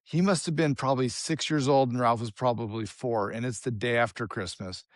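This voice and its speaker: Animated middle-aged man telling a story. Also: medium pitch, a little fast, no room sound, clean studio sound. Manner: animated, self-deprecating storyteller. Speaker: podcast co-host. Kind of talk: casual podcast storytelling.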